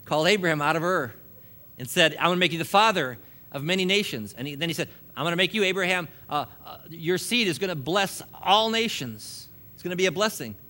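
A man's voice: a little high, expressive, fairly quick, bright, forceful tone. A man preaching a sermon, joking and laughing between points and building emphasis as he goes.

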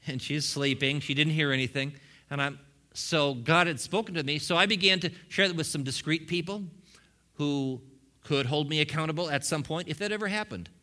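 Middle-aged male pastor, bright and forceful, animated sermon storyteller. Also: fairly high pitch, fairly quick. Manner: animated storytelling with humorous asides. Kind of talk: sermon testimony.

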